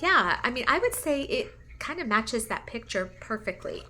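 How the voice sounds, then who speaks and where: A woman's voice: a little high, sing-song, moderate pace, background noise. A woman hosting a casual review chat, gushing to her viewers with lots of fillers. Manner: chatty and gushing, many fillers, talks straight to viewers. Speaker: candle and wax melt channel host.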